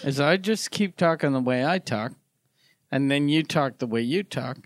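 A man's voice: mid-range voice, lively intonation, normal speed, dry recording. A man doing an improvised comedy bit, talking in a crude, joking way with slurred-sounding speech.

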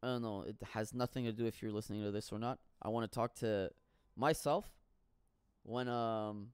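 A man's voice: lowish voice, steady tone, moderate pace, smooth, no echo, clean studio sound. A man telling stories in a casual solo monologue, rambling and profane with frequent laughter.

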